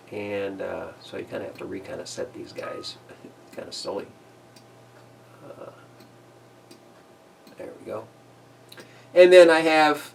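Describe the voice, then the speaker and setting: A man teaching big band arranging in a casual tutorial, relaxed, chuckling now and then and singing phrases as "ba da da". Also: fairly low pitch, creaky, distant mic, a little hiss or hum. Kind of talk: casual screen-recorded tutorial.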